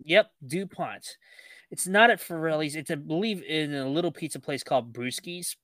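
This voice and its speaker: A man from Guam, a comedian guest on a casual podcast, listing his upcoming shows upbeat and with many fillers. His voice is a little high, and it sounds close and dry. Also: animated, a little fast, a bit bright, dry recording. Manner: upbeat, self-promoting, hesitant fillers. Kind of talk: casual interview chat.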